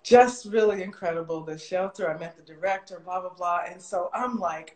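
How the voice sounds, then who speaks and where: A middle-aged woman telling a long personal story in casual chat, animated and full of "like" fillers, jumping high in pitch when she quotes people. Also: moderate pace, hardly any pauses. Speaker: guest telling her story. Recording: roomy echo.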